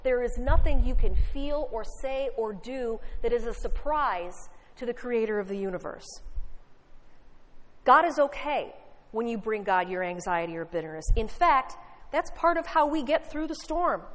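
A woman pastor delivers a sermon in an animated, conversational way, mixing personal storytelling with dry asides. Her voice sits a little high, and it rings out in a reverberant church hall. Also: moderate pace.

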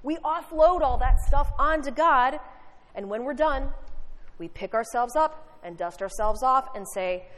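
A woman's voice: high voice, lively intonation, measured pace, a bit bright. A woman pastor preaching a sermon, telling a story with wry, conversational asides. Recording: reverberant hall.

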